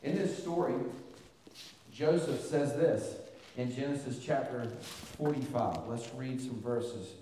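A man's voice: mid-range voice, unhurried, recorded from a distance, a little hiss or hum. Impassioned male preacher in echoey hall. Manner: impassioned, rising to loud peaks when reading scripture. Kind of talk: sermon.

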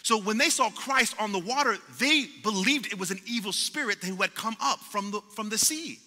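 A pastor preaching a sermon with passion, repeating words and acting out what people say. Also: male voice, high voice, normal speed, pushed and bright. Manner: impassioned preaching with repetitions and acted-out quotes. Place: church sanctuary. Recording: long hall reverb in a church.

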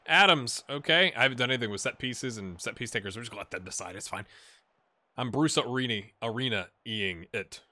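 A man with a bright, forward voice talks through his football management game in a close, dry sound. He muses aloud over menus, then lifts into quick, excited play-by-play as the action unfolds. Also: on the low side, no echo. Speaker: gaming channel host. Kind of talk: casual gameplay commentary.

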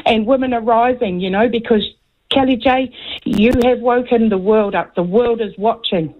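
A woman calling in to a talk radio show, talking in an emphatic, agitated and excitable way. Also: a little high, moderate pace. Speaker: caller. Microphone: phone. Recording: tinny phone line.

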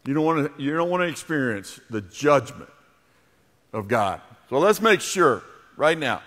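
A man's voice: fairly high pitch, big pitch swings, normal speed, a bit bright. A middle-aged man preaching a sermon as pastor, telling a story and then leading the congregation in prayer. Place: church sanctuary. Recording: long church hall reverb.

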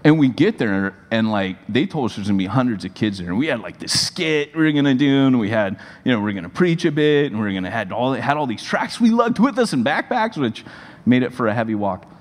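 A man preaching to a congregation, telling stories in a loose, animated way full of fillers and restarts. His voice sits at a middling pitch. The sound carries a long hall reverb. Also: fairly quick. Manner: animated, rambling storyteller with many fillers. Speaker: pastor. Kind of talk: sermon storytelling. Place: church hall.

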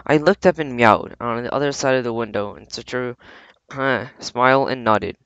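A man reads a storybook aloud at an ordinary middle pitch, often stumbling, restarting and clearing his throat. The sound is close and dry, with a dull, muffled lo-fi tone. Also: fairly bright tone, no echo. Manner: halting reading with frequent throat clearing and restarts. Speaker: audiobook reader. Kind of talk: amateur audiobook narration.

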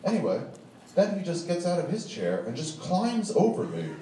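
A man's voice: sits high, wildly swooping pitch, moderate pace, dark tone. A man telling a rambling, profane comic story on stage, laughing along as he goes. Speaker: stand-up storyteller. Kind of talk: live comedic storytelling. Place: live show venue with audience. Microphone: distant audience recording. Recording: echoey distant live room recording with noise.

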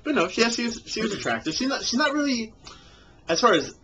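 A man's voice: extremely high pitch, sing-song, fast talker, dull audio, noisy background. A man co-hosting a casual movie podcast, talking hesitantly with lots of fillers. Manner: hesitant, lots of "like" and "you know". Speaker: podcast co-host.

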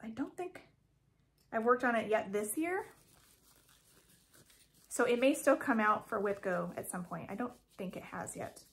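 A woman with a slightly raised pitch talks through her craft projects in a casual home vlog. She rambles, corrects herself and fills pauses with ums, recorded on a camera mic in a room at home. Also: lively intonation, fairly bright tone. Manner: chatty, rambling, self-correcting with frequent ums. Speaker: cross stitch vlogger. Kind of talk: casual show-and-tell vlog.

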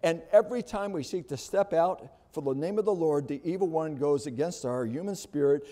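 Mellow-voiced male pastor preaching. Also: on the high side, a little fast. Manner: preaching with rising emphasis and rhetorical questions. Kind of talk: sermon.

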